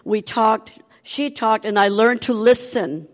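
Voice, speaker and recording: A woman's voice: fairly high pitch, slow, long reverb tail, faint music behind. An older woman tells her testimony animatedly, acting out the voices of the people in her story. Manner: animated, acts out quoted voices. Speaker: speaker giving a testimony.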